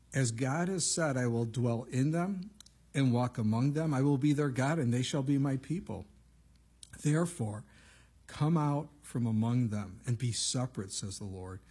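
Male pastor, very husky voice, conversational sermon with asides. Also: medium pitch, a little mellow. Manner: conversational preaching with frequent asides.

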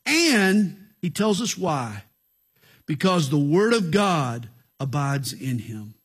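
A middle-aged male pastor delivering a sermon in earnest, emphatic phrasing, slowing down to tell stories. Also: high voice, husky. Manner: earnest, slow emphatic phrasing with storytelling asides.

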